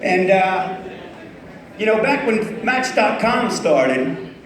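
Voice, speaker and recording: Slow and sing-song, with a high voice and a fairly bright tone, a man in his fifties performs stand-up at a club, bantering with the audience and teasing himself. It's recorded off-mic in an echoey room.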